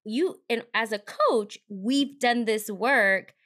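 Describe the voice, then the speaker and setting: A woman's voice: a little high, slow pace, a bit bright. A woman co-hosting a podcast, talking in a casual, candid and reflective way, with frequent restarts. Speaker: podcast co-host.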